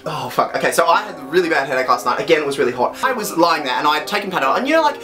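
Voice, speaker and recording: A young man telling a spider story in casual chat, animated and swearing freely. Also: on the high side, rapid-fire, music in the background. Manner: swears a lot, animated, breaks into shrieks when acting out scenes. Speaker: vlogger.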